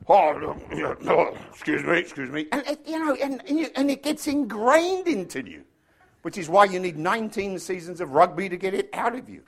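A man's voice: sits high, very animated, brisk. A middle-aged man from England with an English accent, preaching a chatty, joking sermon to his congregation. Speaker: pastor. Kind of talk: casual sermon.

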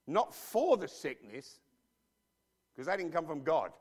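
A man preaches with a lively, swooping delivery, putting frequent rhetorical questions to his listeners. He is blunt and informal, dropping in slang. He presses his points hard, and his voice sits slightly high for a man. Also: unhurried, breathy edge. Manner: emphatic, with many rhetorical questions to the audience. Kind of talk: sermon.

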